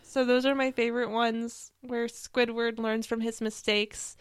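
A young woman co-hosting a podcast in casual chat, animated and laughing often. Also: a little high, a little slow, clean tone, no echo. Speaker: podcast co-host.

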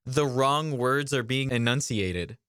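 A man's voice: medium pitch, slow, a bit bright, clear, resonant tone, dry recording, clean studio sound. A man co-hosting a casual review podcast, blunt and casually profane. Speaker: podcast co-host.

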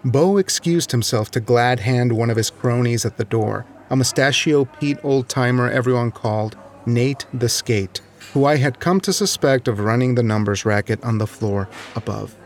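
A man's voice: mid-range voice, normal speed, hardly any pauses, a little hiss or hum. Man reading a wry short story. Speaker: narrator. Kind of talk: scripted narration of a short story.

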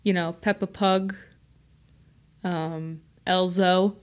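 A woman co-hosting a podcast, chatting casually and explaining quickly with laughs. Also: fairly low pitch, fairly even intonation. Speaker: podcast co-host.

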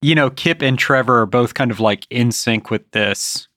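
A man's voice: mid-range voice, moderate pace, bright, forceful tone, no room sound, clean studio sound. A man playing a tabletop game, casually describing what his character does. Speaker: player.

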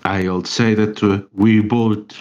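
A man doing a proud samurai abbot with a lowish voice, speaking formally and with wounded pride. The sound is dull and lo-fi. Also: little pitch movement, takes it slowly, a little mellow. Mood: indignant.

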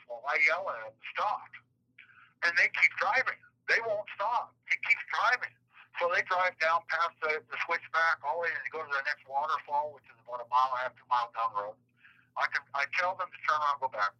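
A man's voice: mid-range voice, bright, forceful tone. A middle-aged man recounting past events in an interview, rambling and repeating words, acting out the dialogue he quotes, heard over a phone line.

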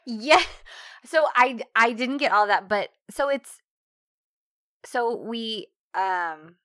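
A woman's voice: fairly high pitch, takes it slowly, no echo, studio quality. A woman in casual chat, recapping a TV series, laughing often and acting out the characters' lines. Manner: giggly, acts out characters' lines in animated bursts. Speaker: podcast co-host recapping a TV series.

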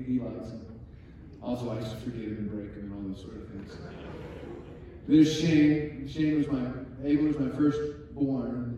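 Pastor, forties, mellow and conversational, storytelling sermon, distant mic, long hall echo, faint room ambience. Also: male voice, mid-range voice, a little hiss or hum. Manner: conversational, storytelling, drops to soft emotional tones. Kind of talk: sermon with personal stories. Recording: echoey hall from far off.

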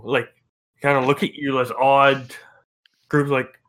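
A man's voice: mid-range voice, flat delivery, measured pace, a bit bright. A man narrating a tabletop game as game master in a casual, loose way, adding spoken sound effects.

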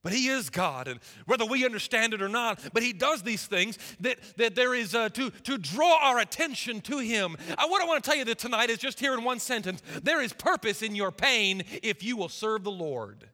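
A young man preaches with passion in a church sanctuary, his voice very high and ringing bright. He uses folksy turns of phrase and swings widely in pitch, and a long hall reverb trails his words. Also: animated, normal speed, hardly any pauses. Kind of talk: sermon.

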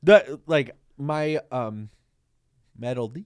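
A man co-hosting a comedy podcast, rambling through absurd bits with halting fillers and a deadpan tone. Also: medium pitch, smooth, no room sound, studio quality. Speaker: podcast co-host. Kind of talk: casual comedic chat.

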